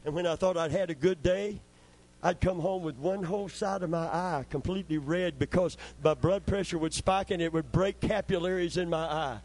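A man's voice: a little high, normal speed, darkish tone, low-quality recording. An older man preaching a sermon, telling stories and calling out for amens as he builds to fervent preaching. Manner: storytelling, call-and-response asking amen, rising to fervent preaching.

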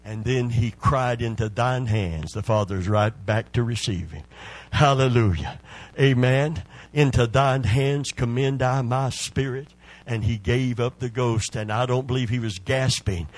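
Male pastor, sermon delivery, slow and deliberate, bursts into fervent shouting. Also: mid-range voice, no echo. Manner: storytelling preacher, rising to loud fervent shouts.

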